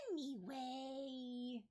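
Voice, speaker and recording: A young woman streamer chatting casually on a stream, teasing and giggly. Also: high voice. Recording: faint music behind.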